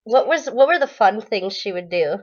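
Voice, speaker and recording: A woman interviewing her mother with gentle questions, then reading a short poem to her sister. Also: mid-range voice, expressive, moderate pace. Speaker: interviewer, daughter. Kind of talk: family interview and read poem. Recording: dull lo-fi recording.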